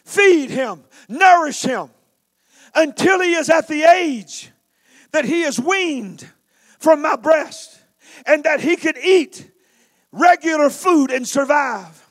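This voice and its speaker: A man's voice: very high voice, lively intonation, takes it slowly, fairly bright tone, voice pushed up, exaggerated voice. A preacher voicing a fervent praying mother. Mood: fervent vow. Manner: fervent, pleading, emphatic. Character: devoted praying mother vowing her son.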